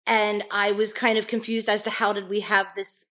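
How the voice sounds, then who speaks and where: A middle-aged woman speaks as an interview guest, retelling events in careful, earnest detail. Her voice sits at an ordinary middle pitch, and she often stops and restarts her sentences as she works through the story. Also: flat delivery, normal speed, fairly bright tone. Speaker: nurse guest.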